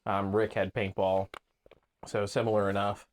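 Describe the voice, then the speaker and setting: A man's voice: lowish voice, flat delivery, normal speed. A man co-hosting a podcast, telling stories in an easygoing, rambling casual chat. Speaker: podcast co-host.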